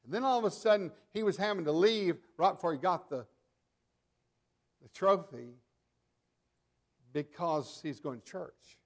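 An older man delivering a sermon, telling stories and acting out the voices of the people in them, moving between loud emphatic lines and soft asides. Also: high-pitched, a little slow, long pauses. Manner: animated storytelling, acting out voices in quotes. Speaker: preacher.

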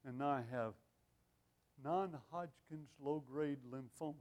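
Older guy preaching, fairly high voice, keeps cracking jokes at his own expense. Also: normal speed. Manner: self-deprecating humor, laughs at himself; lively, animated delivery. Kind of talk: sermon.

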